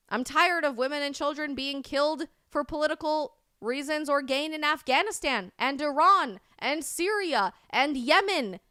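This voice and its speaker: A woman hosting a live stream, delivering impassioned commentary that rises to loud, indignant peaks. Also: a little high, smooth, no echo, studio quality. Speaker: host of a live stream show.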